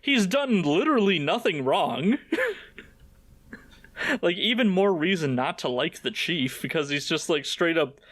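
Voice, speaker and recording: A man's voice: fairly high pitch, expressive, unhurried, a bit bright, dry recording. A man hosting a casual recap podcast, joking, swearing and laughing often as he acts out scenes. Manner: profane, joking. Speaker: podcast host.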